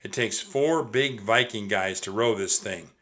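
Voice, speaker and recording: A man's voice: fairly low pitch, unhurried, fairly bright tone. A man voicing a cautious, practical young boy who speaks in a raised, urgent way. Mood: exasperated.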